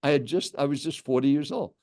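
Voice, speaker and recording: A man's voice: a little high, fairly quick, dark tone. An older man, a professional speaker, animatedly telling a story in an interview and acting out the dialogue.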